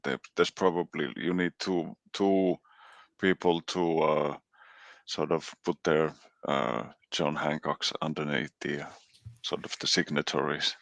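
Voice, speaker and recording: A very low, gravelly man chats on a livestream in halting, restarting phrases. English is not his first language, and his sore chest makes him cough now and then. The sound is close and dry. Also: steady tone, fairly bright tone, dry recording. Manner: halting, restarts often, quick laughs. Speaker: co-host. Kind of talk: casual livestream chat.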